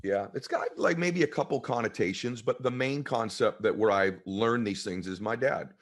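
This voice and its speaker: A man's voice: mid-range voice, normal speed. A man telling a personal story as a guest in an interview, earnest and choked up with emotion. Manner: earnest, heartfelt. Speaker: guest author.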